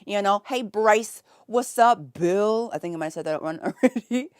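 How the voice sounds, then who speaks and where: A woman's voice: medium pitch, expressive, moderate pace, darkish tone, clean tone, no echo, clean studio sound. A woman streamer chatting casually and greeting her chat from her home office, giggly and effusive. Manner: giggly and effusive, with frequent laughs.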